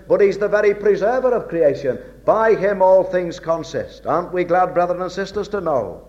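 A man preaching a sermon in a measured, old-fashioned way, slowing down to stress key words. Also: high-pitched, darkish tone. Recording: dull lo-fi recording.

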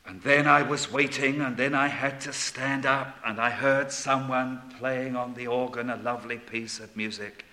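An older man preaching a sermon, dropping to a hush and then rising to loud proclamation. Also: medium pitch, fairly even intonation, moderate pace, hardly any pauses. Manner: swings between hushed and loud proclaiming.

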